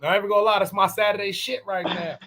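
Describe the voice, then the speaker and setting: A man co-hosting a podcast, telling stories in loose, profane casual chat and breaking into shouted impressions. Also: high voice, steady tone, very fast. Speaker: podcast co-host.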